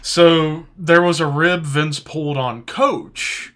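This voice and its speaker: Bright, animated man telling stories. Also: a little high, slow pace. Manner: animated, acts out quoted voices and laughs often. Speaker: podcast co-host. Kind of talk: casual storytelling chat.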